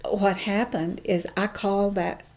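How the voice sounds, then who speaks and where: A middle-aged woman guest telling a personal story in an interview, emphatic and animated, acting out the dialogue. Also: medium pitch, a little slow.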